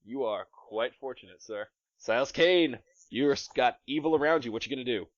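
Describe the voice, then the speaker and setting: A man running a tabletop game as game master, playful and narrating combat with quick asides. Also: medium pitch, no echo. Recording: dry, slightly dull podcast mic.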